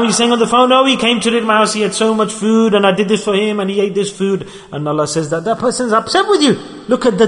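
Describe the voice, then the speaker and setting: A man preaches with a high, animated voice, acting out quoted speakers as he goes. His words ring out with a long reverb, as in a large hall. He works religious terms into his talk. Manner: animated, acts out quoted people, mixes Arabic and Urdu terms. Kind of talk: sermon.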